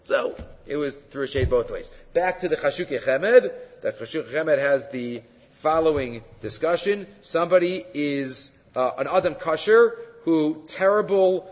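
A man giving an animated Talmud lesson, full of fillers and quick asides. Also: fairly high pitch, in a large hall, muffled recording. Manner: animated, mixes English with Hebrew and Aramaic, many fillers. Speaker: Torah teacher. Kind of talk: Talmud lecture.

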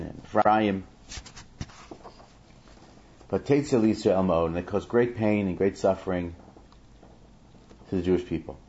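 A man with a deep, slightly mellow voice teaches a Bible class verse by verse, chanting each Hebrew verse before explaining it in English. The recording is dull and lo-fi.

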